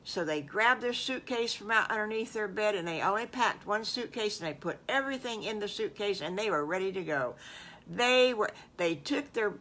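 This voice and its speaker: An older woman telling an improvised children's story in a folksy, animated way, with asides to her listeners. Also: mid-range voice, moderate pace. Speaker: storyteller grandmother.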